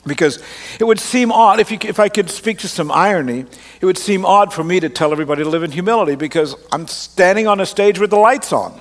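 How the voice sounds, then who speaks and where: A pastor with a mixed Australian and Canadian accent preaches a sermon from the stage into a microphone, his slightly high, mid-range voice ringing with long reverb through a large church auditorium. He's an animated, fast talker, easygoing, self-mocking and conversational.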